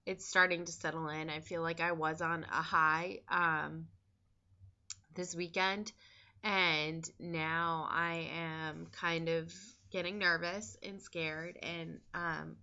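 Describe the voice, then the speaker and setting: Chatty lower-pitched woman, dull lo-fi sound. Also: flat delivery, slow pace, sharp tone, clear, resonant tone. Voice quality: chatty, filler-heavy and candid. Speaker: vlogger. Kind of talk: casual diary vlog.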